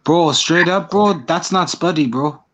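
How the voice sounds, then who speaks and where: A man in his twenties calling into a live stream, loud and swaggering, saying "bro" at every turn. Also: on the high side, a little slow. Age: 20s. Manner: slangy, says "bro" constantly, loud and swaggering. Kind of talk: casual boisterous chat. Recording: dull lo-fi call audio.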